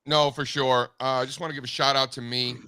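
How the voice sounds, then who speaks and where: A man hosts a casual market show, trading fast jokes with his co-hosts before rattling off futures prices at speed. His medium-pitched voice is smooth, pushed and bright, with a level tone.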